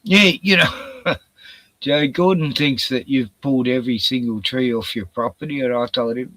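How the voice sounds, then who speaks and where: A man's voice: mid-range voice, moderate pace, fairly bright tone, no echo. An older man with an Australian accent hosting a casual late-night livestream, out of breath, sighing and swearing as he rambles. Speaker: livestream host.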